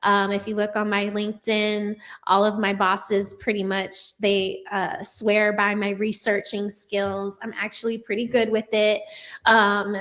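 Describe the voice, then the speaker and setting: Slow-talking sassy woman streamer. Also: mid-range voice, fairly bright tone. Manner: sassy, profane, chatty with many fillers. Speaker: livestream news commentator. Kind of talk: casual livestream chat with viewers.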